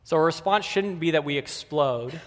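A man's voice: a little high, normal speed, a bit bright, big-room sound. A man preaching a sermon in a conversational way, speaking directly to the kids and the adults in the congregation.

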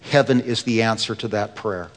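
A man preaching a sermon as pastor, his voice climbing with passion and then dropping to a hushed tone. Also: on the low side, moderate pace, in a large hall.

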